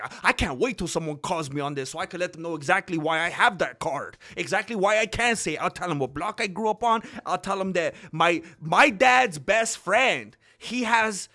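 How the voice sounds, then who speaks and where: A man's voice: a little high, pushed and bright. A young man hosting a casual commentary channel, talking off the cuff in a rambling way with lots of restarts and fillers.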